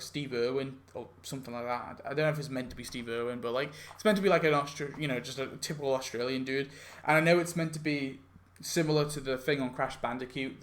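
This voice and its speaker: A young man who makes game videos on YouTube talks fast in a mid-range, fairly bright voice. He casually walks through an idea for a mobile game event, rambling with lots of "like" and correcting himself.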